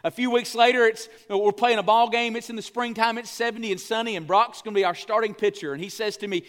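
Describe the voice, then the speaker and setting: A man preaching a sermon as pastor, earnest and speaking straight to his church, slowing down on key phrases. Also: sits high, steady tone, fairly bright tone. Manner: earnest, addresses the congregation directly.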